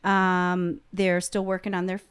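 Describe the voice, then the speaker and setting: A woman's voice: on the low side, monotone, a little slow, clean tone. A woman co-hosting a podcast in casual chat, playful and giggly, speaking into a handheld mic in a studio lounge. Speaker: podcast co-host. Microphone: handheld microphone.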